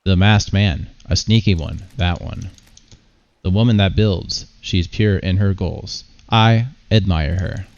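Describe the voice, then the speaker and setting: A man voicing an ancient bodiless being, speaking slowly, haughty and cryptic. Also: deep voice, a little mellow, lo-fi sound.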